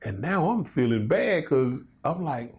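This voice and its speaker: A man in his fifties, a comedian and guest, telling stories in a loose, animated way in a casual interview chat. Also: fairly high pitch, measured pace. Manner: animated storytelling, loose and conversational.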